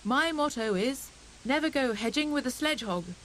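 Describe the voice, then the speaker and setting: A woman's voice: sits high, lively intonation, normal speed, fairly bright tone, a little hiss or hum, pitched above the performer's own voice, low-quality recording. Woman doing a boastful, pompous storybook hare.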